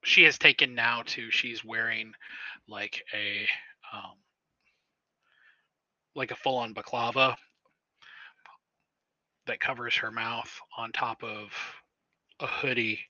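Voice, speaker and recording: A man narrating as storyteller in a tabletop role-playing game, halting with frequent pauses and restarts. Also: medium pitch, steady tone, pushed and bright, no room sound, dull audio. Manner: halting, many fillers and restarts.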